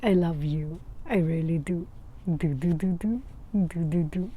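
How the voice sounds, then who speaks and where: A woman from China speaks English, telling a casual personal story. She is an art teacher who talks at an unhurried, drawn-out pace in a soft, warm, mellow voice. She often halts mid-phrase to find the right word and slips into quiet laughter. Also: on the low side, slightly rough. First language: Mandarin Chinese. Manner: halting, searching for words, breaks into soft laughter.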